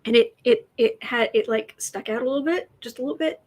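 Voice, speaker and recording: A woman's voice: a little high, fairly quick, a little mellow. Chatty woman hosting a tarot stream. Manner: chatty, reads out viewer comments, tells anecdotes. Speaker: tarot reader and livestream host. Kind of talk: casual livestream chat.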